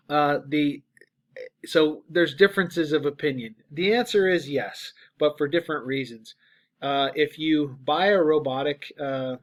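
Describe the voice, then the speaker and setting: A man with a fairly high voice delivers a conversational lecture to graduate students. He explains as he goes, often checking in with a quick "right?" and pausing on fillers. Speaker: guest lecturer.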